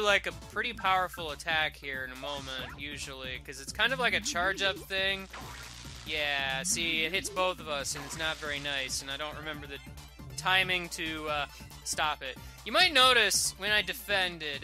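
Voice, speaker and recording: A man's voice: on the high side, expressive, normal speed, bright, forceful tone, faint music behind. Rambling, jokey let's play guy. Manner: rambling, jokey, self-mocking. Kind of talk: casual gameplay commentary.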